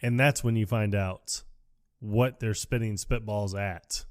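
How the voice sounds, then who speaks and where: A man's voice: on the low side, fairly even intonation, slow. A man co-hosting a podcast, recapping a comedy film in casual chat and laughing as he acts out lines. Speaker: podcast co-host.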